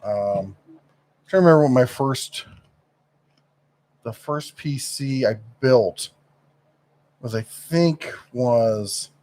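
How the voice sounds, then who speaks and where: A man's voice: mid-range voice, lively intonation, takes it slowly, pauses often, a little mellow. A middle-aged man co-hosting a casual live stream, who rambles and often gropes for words with fillers.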